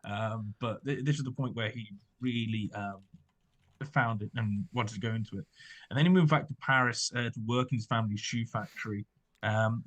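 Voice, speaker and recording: Casual podcast host, man, halting delivery full of ums and restarts. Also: fairly low pitch, fairly bright tone. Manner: hesitant, many fillers and restarts. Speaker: podcast host presenting research. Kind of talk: casual chat.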